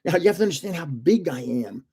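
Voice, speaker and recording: A man's voice: a little high, animated, quick pace, warm tone, husky. An older man hosting a live stream, telling rambling stories in a chatty way and laughing often. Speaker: host of a live card-opening stream.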